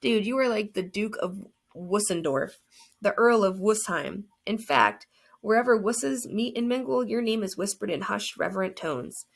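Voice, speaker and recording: A woman's voice: on the low side, lively intonation, quick pace, vocal fry, few pauses, fairly bright tone, exaggerated voice. A woman voicing a sarcastic teenage boy's ghost in an audiobook, teasing and wisecracking. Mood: mocking. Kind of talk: audiobook character voice.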